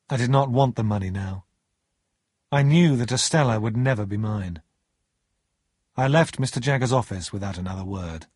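A man reading a story aloud as narrator, measured and expressive. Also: on the low side, slightly rough, no room sound, clean studio sound.

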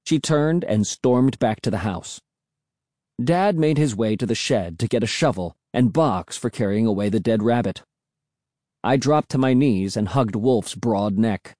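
A man's voice: medium pitch, measured pace, warm tone, no room sound, clean studio sound. A man narrating a first-person story in dramatic audiobook style.

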